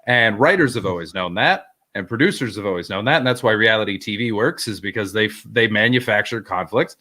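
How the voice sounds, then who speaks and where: A man co-hosting a casual stream chat, telling stories in a measured, thoughtful way with hesitant fillers. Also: lowish voice, sharp tone. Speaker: co-host.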